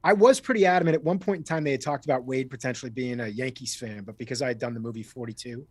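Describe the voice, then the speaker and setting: A man's voice: medium pitch, racing, husky, no room sound. A man from Miami with a slight East Coast accent, a guest telling stories in a casual interview, chatty and rambling with frequent restarts. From Miami, USA. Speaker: guest actor.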